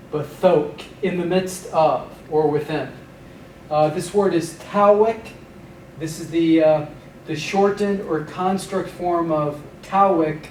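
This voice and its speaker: A man teaching a vocabulary lesson, slowly pronouncing each word and pausing for students to repeat. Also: a little high, a little mellow. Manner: slow, patient, repeats each word with pauses. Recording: echoey room, voice a bit far from mic, faint hiss.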